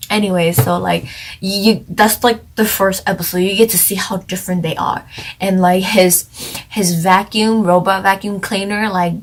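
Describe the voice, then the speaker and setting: A young woman co-hosting a channel reviews a TV drama casually, her chatty, rambling talk packed with "like." Her mid-range voice stays steady at a normal speed.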